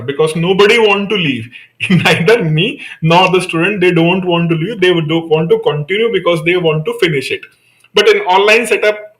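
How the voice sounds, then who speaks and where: A man lectures a live online class, his voice sitting a little higher than most men's. He drills each point by repeating it and tossing out rhetorical questions, then answering them himself. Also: fairly bright tone. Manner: addresses students by name. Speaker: online exam-prep teacher.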